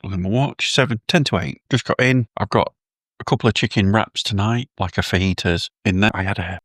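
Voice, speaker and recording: A man's voice: fairly low pitch, fairly quick, a bit bright, no room sound, studio quality. A British man keeping a casual, rambling video diary, chatting to his phone camera with a self-deprecating manner. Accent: British English. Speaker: vlogger.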